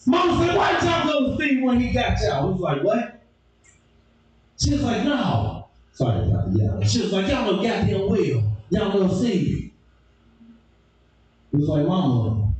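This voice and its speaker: A man doing stand-up, telling stories and acting out people with sudden shouts. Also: a little slow, pauses often, very echoey, distant mic, slight background noise, low-quality recording. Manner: animated, acts out characters with sudden shouted high squeals. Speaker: stand-up comedian. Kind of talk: stand-up storytelling.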